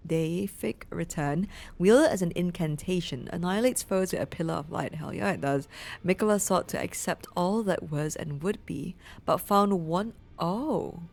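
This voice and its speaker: A woman's voice: lowish voice, moderate pace, gravelly. A young woman streaming a game, gushing and emotional in casual commentary, swearing freely and reading item text aloud. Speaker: gameplay streamer. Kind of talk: excited gameplay commentary.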